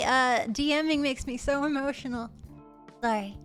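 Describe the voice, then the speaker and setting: A woman streaming casually, bubbly and excitable, gasping and chatting to her viewers. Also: high voice, slow, faint music behind. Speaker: livestreamer. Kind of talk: casual livestream chat.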